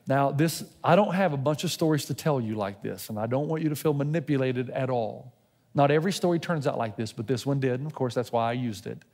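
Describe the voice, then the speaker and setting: A man's voice: fairly high pitch, a little mellow. A middle-aged pastor preaches a sermon in a slightly raised voice. He tells stories and plays out both sides of a dialogue with God. His words ring out with a long reverb that fills the church hall. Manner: storytelling preacher who acts out dialogue with God.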